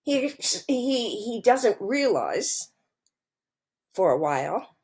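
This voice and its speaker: A middle-aged woman co-hosting a podcast, talking casually and telling stories in a slow, thoughtful way. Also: medium pitch, slightly rough. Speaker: podcast co-host. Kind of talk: casual conversation.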